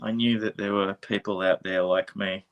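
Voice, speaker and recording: A man hosting a casual interview, chatty and quick to laugh. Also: low-pitched, lo-fi sound. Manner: chatty, laughs often, animated asides. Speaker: host. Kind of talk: casual video-call interview.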